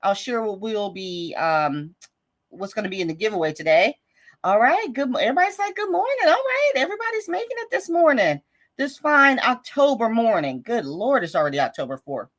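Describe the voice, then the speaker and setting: A woman chats through a budgeting live stream, reading comments aloud and cheering viewers on. Her voice sits a little high and swoops through a lively, animated range. She sounds friendly, encouraging and relaxed. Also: brisk. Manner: upbeat, encouraging, chatty with y'all. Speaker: budgeting livestream host.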